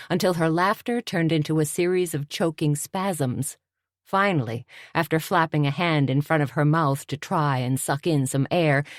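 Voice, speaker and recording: A woman narrating an audiobook in a steady, even way. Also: low-pitched, no echo, studio quality.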